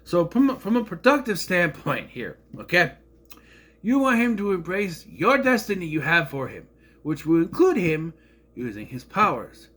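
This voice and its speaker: A man's voice: high voice, sing-song, normal speed, fairly bright tone. A man casually recapping an episode, rambling and sarcastic, getting indignant over plot holes. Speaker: show reviewer.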